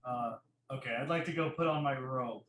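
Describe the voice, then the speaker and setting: A man playing a tabletop game, describing his character's actions in a slow, drawn-out way. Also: mid-range voice, a bit bright, a little hiss or hum. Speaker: player. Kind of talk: casual in-character narration. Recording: roomy, echoey mic.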